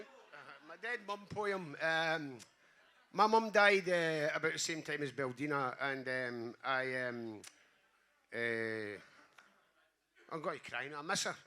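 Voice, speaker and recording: A man's voice: on the high side, pushed and bright. A Scottish man performing his poems on a small stage, earnest and sweary in his asides to the audience. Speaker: poet. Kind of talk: live spoken-word performance. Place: small live venue stage.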